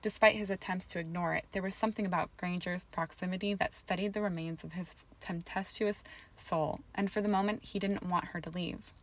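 A woman reading a story aloud in a calm, even storytelling voice. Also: lowish voice, fairly quick. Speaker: reader. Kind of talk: audiobook narration of fan fiction.

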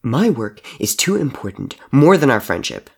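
A man's voice: big pitch swings, moderate pace, creaky, slightly rough, exaggerated voice. A man voicing a large cowardly man who whines and screeches in a raised, panicky voice. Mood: whining. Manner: whiny, high and panicky.

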